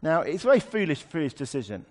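A man's voice: fairly high pitch, sing-song, fast. A man preaching a sermon, explaining a scripture passage in a conversational way with wry asides.

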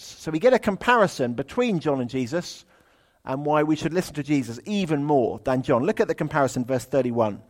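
A man delivers a sermon in an easygoing, conversational way. His voice sits at a middling pitch, and he turns lively and expressive whenever he reads from the text. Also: brisk. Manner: chatty, humorous, animated when reading aloud. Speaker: preacher.

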